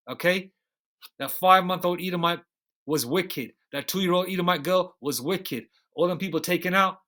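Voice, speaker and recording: A man's voice: fairly high pitch, a bit bright. Slang-heavy, emphatic male preacher. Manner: reads verses slowly and deliberately, then comments in loose street slang; emphatic, repeats points with "okay?" and "man". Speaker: bible teacher. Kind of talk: scripture study sermon.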